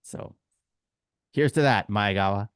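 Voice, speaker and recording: Canadian male podcast co-host, lowish voice, dry close sound, chatty and wisecracking. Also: measured pace, clear, resonant tone, no echo. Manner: chatty, joking, opinionated. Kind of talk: casual podcast chat.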